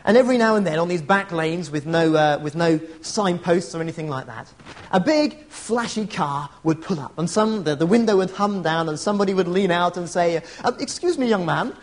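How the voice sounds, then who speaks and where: A man's voice: high-pitched, brisk. A middle-aged man preaching a sermon, earnest and conversational, with storytelling asides. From England.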